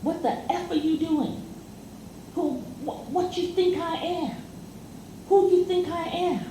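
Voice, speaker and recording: A woman's voice: very high-pitched, fairly even intonation, unhurried, voice pushed up. A woman voicing an angry, aggressive man who curses at his date, heard in an echoey room. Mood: furious. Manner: shouting, indignant. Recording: echoey room, faint noise.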